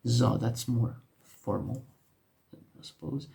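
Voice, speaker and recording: Slow gravelly man teaching letters. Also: mid-range voice, fairly even intonation, mellow. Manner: slow, patient explaining with frequent self-corrections. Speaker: language teacher. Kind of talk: casual teaching while writing on a board.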